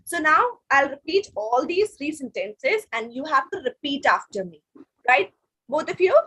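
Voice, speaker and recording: A woman's voice: sits high, sing-song, moderate pace, a bit bright. A woman with an Indian English accent teaching French to children in an online video class, patiently repeating phrases for pupils to echo. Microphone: video call.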